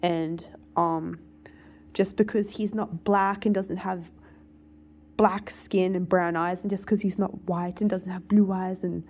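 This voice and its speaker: A woman's voice: on the low side, steady tone, a little slow, a little mellow. A woman talking casually to camera in a rambling, emphatic way, with many filler words. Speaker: vlogger.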